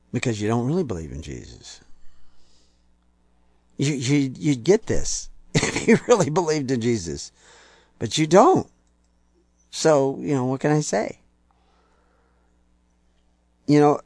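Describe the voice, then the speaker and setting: A man preaching a sermon, building to loud, emphatic peaks and putting on mocking voices for quoted people. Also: mid-range voice, no room sound, clean studio sound.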